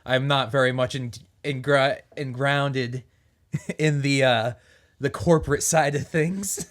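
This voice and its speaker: A man's voice: mid-range voice, steady tone, takes it slowly, natural voice. A man doing a jittery, drawling risen-from-the-dead drifter. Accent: put-on Southern US drawl. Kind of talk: tabletop role-play in character.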